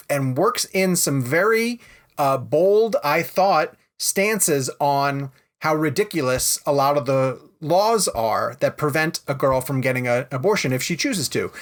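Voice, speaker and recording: A man hosting a casual movie podcast, telling long rambling stories in an animated way. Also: on the high side. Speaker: podcast host.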